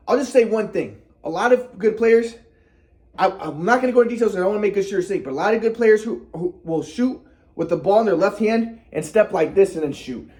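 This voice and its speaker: A man's voice: high voice, darkish tone. A man telling a personal story in a casual monologue, rambling, repeating himself and cursing.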